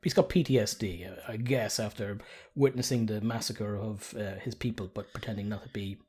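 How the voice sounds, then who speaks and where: A man's voice: lowish voice, fairly even intonation, brisk, darkish tone, breathy edge. A man co-hosting a podcast, chatting casually and joking with a laugh in his voice. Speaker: podcast co-host. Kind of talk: casual chat.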